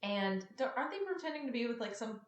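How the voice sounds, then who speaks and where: A woman's voice: a little high, fast, echoey room, highs cut off, a little hiss or hum. A woman co-hosting a podcast, chatting casually as she recaps a TV episode and acts out the characters' lines. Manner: chatty, animated, acts out quotes. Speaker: podcast co-host. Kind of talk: casual chat recapping a show.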